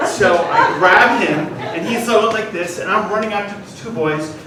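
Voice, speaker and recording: A man's voice: high voice, moderate pace, a loud crowd. A middle-aged man telling a personal comic story to a live audience, rambling into self-deprecating asides. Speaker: comedian. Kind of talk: stand-up storytelling monologue. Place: class stage before a live audience. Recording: roomy, distant mic, noisy ambience.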